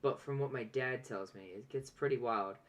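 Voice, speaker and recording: A man's voice: mid-range voice, normal speed. A man playing in a tabletop role-play session who talks casually with a lot of fillers and restarts. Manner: rambling, with many fillers and restarts. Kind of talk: casual in-character play over voice chat.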